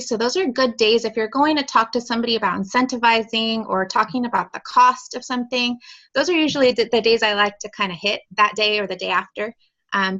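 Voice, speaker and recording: Uma mulher, coach de saúde, dando dicas à equipe de forma simpática e encorajadora. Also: female voice, a little high, fairly bright tone, highs cut off. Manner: friendly and encouraging. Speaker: health coach sharing tips. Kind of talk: casual team presentation.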